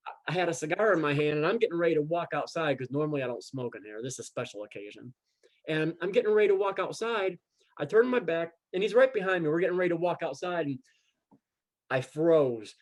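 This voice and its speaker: A man recounts a story in relaxed conversation, speaking in a fairly high voice. He slips into the voices of the people he quotes. His sentences often restart with repeated words. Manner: animated, acts out quoted dialogue. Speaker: guest. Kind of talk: casual storytelling chat.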